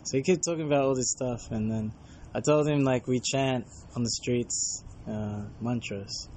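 A man's voice: mid-range voice, moderate pace, a little mellow, slight background noise. A man, a traveling monk, casually telling travel anecdotes and acting out bits of dialogue. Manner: chatty, acts out dialogue in anecdotes.

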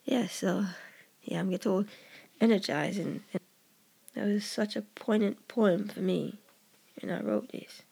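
A gravelly, husky voice talks through a personal poem in an earnest, reflective monologue. The delivery is halting, with restarts and frequent drops into a breathy whisper. It sounds like a poet working through their own words aloud. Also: medium pitch, mellow.

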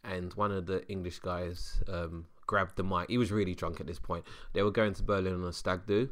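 A man co-hosting a podcast in casual chat, an animated storyteller who swings his voice around. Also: sits low, normal speed. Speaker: podcast co-host.

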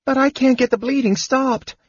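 A man voicing a cheerful, excitable young male kender with a high, eager voice. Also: moderate pace, husky, dry recording, muffled recording. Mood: anxious.

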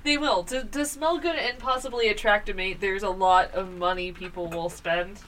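A woman's voice: mid-range voice, fairly even intonation, normal speed, a bit bright. A woman co-hosting a casual podcast, answering with dry quips and short replies. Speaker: podcast co-host. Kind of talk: casual chat. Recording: distant mic with faint noise.

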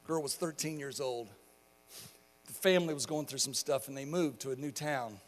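A male pastor preaching a sermon, telling a story quietly and then rising into loud, impassioned exhortation. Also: mid-range voice, moderate pace. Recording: long hall reverb.

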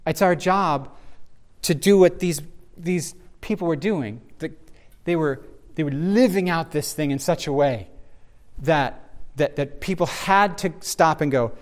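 An unhurried man with a voice on the high side leads a conversational Bible discussion as its teacher. He speaks earnestly and searchingly, often beginning his sentences again while he looks for words.

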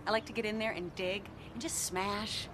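A woman talks in a brash, playful way. Her pitch sits in the middle for a woman. Clear noise runs behind her voice. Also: fairly even intonation, normal speed. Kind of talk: sitcom acting.

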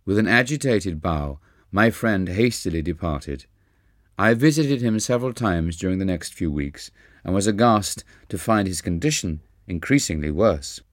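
A man narrating an autobiography audiobook in a calm, measured reading. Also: low voice, dry recording, clean studio sound. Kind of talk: scripted narration.

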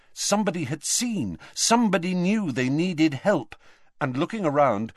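A man narrating a fantasy novel in an expressive, dramatic reading. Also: mid-range voice, dry recording, studio quality. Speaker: audiobook narrator.

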